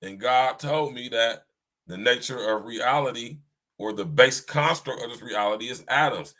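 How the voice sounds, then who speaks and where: Bright-voiced man talking straight to listeners. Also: medium pitch, normal speed. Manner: talks to listeners directly, often asks "right?"; restarts and repeats himself while searching for words. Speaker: podcast host. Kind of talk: casual spiritual monologue.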